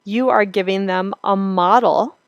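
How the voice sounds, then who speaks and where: A woman's voice: mid-range voice, a little slow, no echo, lo-fi sound. Woman lecturing in a dry, close recording. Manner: clear, explanatory, steady teaching tone. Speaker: early childhood instructor.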